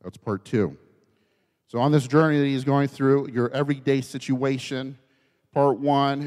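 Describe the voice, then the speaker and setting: A man's voice: medium pitch, steady tone, normal speed. Man preaching with dynamic swells. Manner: dynamic, swinging from soft hushed lines to raised fervent ones. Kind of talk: sermon. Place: church sanctuary. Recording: church hall with long reverb.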